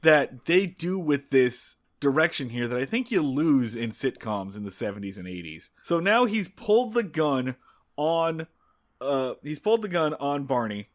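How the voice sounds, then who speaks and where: A man co-hosting a podcast, chatting casually through a recap with lots of fillers and restarts. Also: medium pitch. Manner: rambling, frequent filler words and restarts. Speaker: podcast co-host. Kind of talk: casual episode recap chat.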